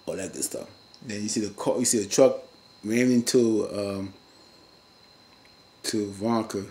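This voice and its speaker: A man casually recapping a TV episode in a slangy, rambling way, breaking into loud, high-pitched rants now and then. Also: steady tone, measured pace. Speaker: TV recap vlogger.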